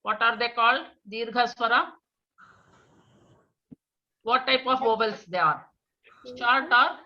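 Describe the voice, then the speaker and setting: A woman teaching children in an online class, patiently repeating answers, praising pupils and chanting verses slowly for them to echo. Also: fairly high pitch. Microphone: video call. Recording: dull lo-fi online call.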